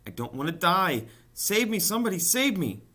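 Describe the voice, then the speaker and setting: A frantic, whiny young pig from a storybook, squealing and pleading in a very high, loud voice that leaps wildly up and down. The tone stays bright and forceful. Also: male voice, big pitch swings, normal speed, heavily acted. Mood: panicked. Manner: shrill, sobbing, pleading. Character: frightened young male pig, panicky and whiny.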